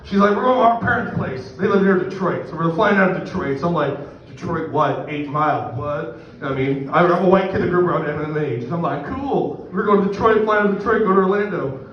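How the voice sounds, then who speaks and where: A middle-aged man with a fairly high voice tells a crude, self-mocking story to a crowd. He sits well back from the microphone in a boomy, echoing room. The sound is muffled. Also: fairly quick. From Canada. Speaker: stand-up comedian. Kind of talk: profane stand-up storytelling. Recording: echoey distant room mic, muffled.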